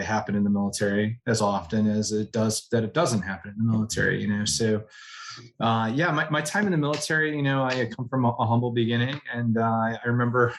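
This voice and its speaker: A man speaks as a guest on a podcast. He tells his story in an animated way, acts out the people he quotes, and laughs often. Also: medium pitch. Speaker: guest, general manager.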